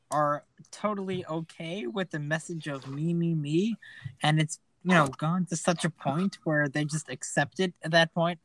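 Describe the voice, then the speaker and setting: Man, bright clear voice, animated podcast co-host, laughs easily, keeps asking questions. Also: fairly high pitch, dry recording. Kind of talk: casual podcast chat.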